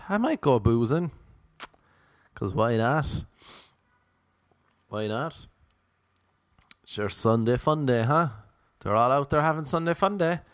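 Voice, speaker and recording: A man's voice: mid-range voice, clean tone, no room sound, clean studio sound. Rambling Irish man telling comic stories. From Ireland. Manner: rambling, self-mocking, jokey asides. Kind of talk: casual comic storytelling.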